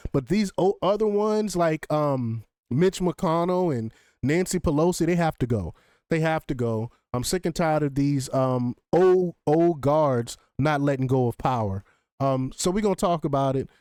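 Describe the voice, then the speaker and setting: A man hosting casual political commentary, chatty and excitable, often laughing and filling pauses with ums. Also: mid-range voice, smooth, no room sound, studio quality.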